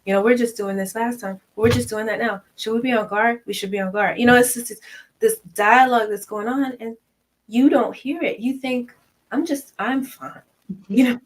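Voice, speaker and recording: Woman, thirties, casual chat co-host, animated, acts out quotes. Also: on the high side, a little fast, low-quality recording. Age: 30s. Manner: animated, acts out quoted voices, laughs often. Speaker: podcast co-host.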